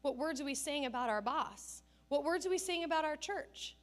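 A woman's voice: high voice, expressive, normal speed. A woman pastor preaching a conversational sermon, telling stories with self-deprecating humor.

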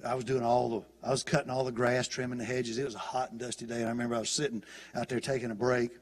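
Husky-voiced preacher man in a church. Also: medium pitch, level tone, quick pace. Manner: conversational preaching with frequent restarts and repeated words. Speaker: pastor. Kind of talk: sermon. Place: church sanctuary.

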